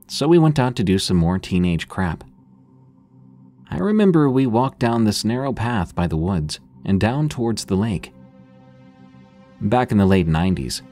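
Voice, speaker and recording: Brief: male horror-story narrator, very low voice, calm measured read, faint music underneath.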